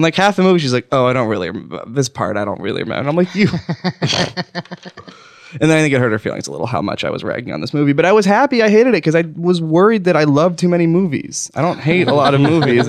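A man talking with a very lively, swooping pitch in relaxed comedic banter. His voice is sarcastic and animated, and the recording is close and dry, with no room sound. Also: quick pace, no echo. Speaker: podcast host. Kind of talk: casual comedic chat.

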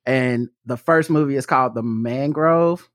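An American podcast co-host chatting casually, swearing freely and laughing through animated stories. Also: mid-range voice, unhurried, no room sound, clean studio sound. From United States. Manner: profane, laughing, animated storytelling. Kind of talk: casual chat.

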